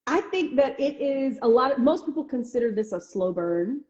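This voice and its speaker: A chatty woman author being interviewed over a video call, her talk full of ums and quick restarts. She sits a little high in pitch and breaks into excited, squeaky voices when quoting other people. The sound is dull and lo-fi, with a roomy echo around her. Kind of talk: casual conversational interview. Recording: echoey, dull lo-fi call audio.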